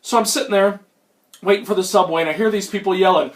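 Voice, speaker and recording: A man's voice: high-pitched, fairly quick, vocal fry. A young man from Minnesota who is getting over a cold and has a sore throat, telling a rambling, self-mocking comic magic story at home with many ums and uhs. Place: at home, indoors.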